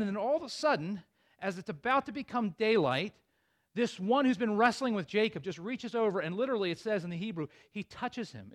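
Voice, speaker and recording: A man preaching a sermon, retelling a story with lively asides to his congregation. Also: high-pitched. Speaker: pastor.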